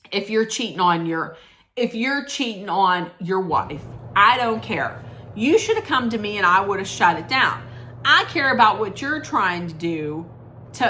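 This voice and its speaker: Bright lively woman vlogger, chatty and blunt, swears a lot, fixes her own slips. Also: fairly high pitch. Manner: chatty, blunt, swears freely, corrects herself often. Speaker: reality TV recap vlogger. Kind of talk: casual chat recap.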